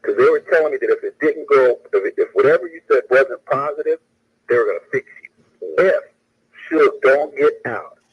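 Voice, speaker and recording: A man's voice: mid-range voice, lively intonation, fairly quick, slightly rough, lo-fi sound. A man hosting a casual live commentary, repeating phrases and restarting sentences as he talks. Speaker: show host.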